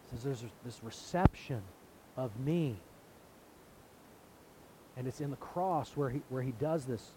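A man's voice: mid-range voice, a little slow, long pauses, heavy background noise. A man preaching a sermon in an earnest way, now and then acting out the voices of people in the story. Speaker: pastor.

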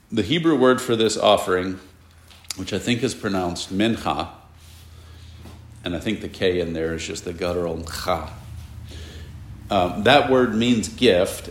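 A man teaching a classroom Bible lesson, explaining at length and asking his students questions, with casual asides. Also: sits low. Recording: echoey room.

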